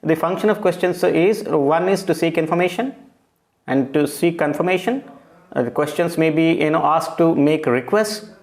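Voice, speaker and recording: A man's voice: on the high side, normal speed. A man with an Indian English accent teaching a recorded lecture on grammar, explaining patiently and often checking with "right?". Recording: echoey room.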